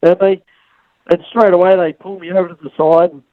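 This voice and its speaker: High-voiced Australian man telling road stories. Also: little pitch movement, fairly quick, dry recording, phone-quality sound. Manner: rambling anecdotes with restarts, acts out the other people's lines. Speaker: guest, flat track motorcycle racer. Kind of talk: casual storytelling on a podcast.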